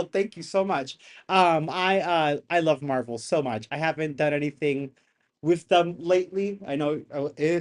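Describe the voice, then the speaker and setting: A live streamer in casual commentary, animated and exasperated, rambling with slang and frequent swearing. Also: medium pitch. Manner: rambling, restarts sentences. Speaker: streamer reacting to a hearing.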